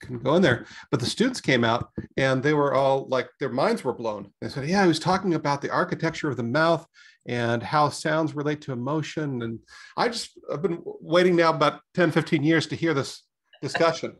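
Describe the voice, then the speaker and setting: A man's voice: fairly high pitch, moderate pace, husky. Hesitant man introducing a guest. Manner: rambling, hesitant. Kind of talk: casual introduction.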